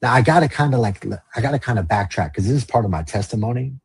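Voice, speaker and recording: A man's voice: medium pitch, animated, fast, vocal fry, a little hiss or hum. A man from the San Fernando Valley, a podcast guest telling his story in a casual, rambling way, swearing and leaning on "like" and "you know". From Los Angeles, San Fernando Valley. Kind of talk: candid storytelling interview.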